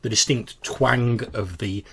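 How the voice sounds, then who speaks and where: A man runs a tabletop game, narrating scenes with plenty of stops and fillers. His low voice is gravelly and a little husky. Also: bright, forceful tone. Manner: halting narration with many fillers. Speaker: game master.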